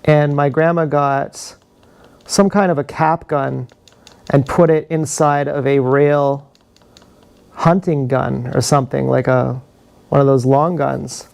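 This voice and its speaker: Gravelly man rambling on a livestream. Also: medium pitch, fairly even intonation, slow, a little mellow. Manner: meandering, confessional, laughs at own stories. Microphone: action camera.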